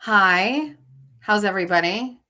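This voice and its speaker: A woman's voice: medium pitch, lively intonation, a little slow, sharp tone. A woman hosting a livestream in casual chat, flustered and talking to herself while she fixes her stream settings live. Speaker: show host.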